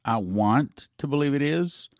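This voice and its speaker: A man's voice: medium pitch, animated, a little slow, no echo, studio quality. A man hosting a Christian broadcast, talking earnestly and growing emotional as he speaks. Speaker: host.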